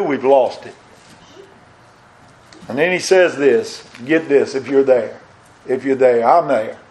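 Folksy preacher man, lively pitch. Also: rough recording. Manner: folksy preaching, rising to emphatic peaks, rhetorical questions to the congregation. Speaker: pastor. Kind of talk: sermon.

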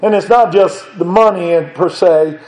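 A man with a high voice preaches a sermon to his congregation, climbing to emphatic, insistent peaks as he presses each point. His voice rings out in an echoey church room. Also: normal speed, a little mellow. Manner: rising to emphatic high-pitched exhortation.

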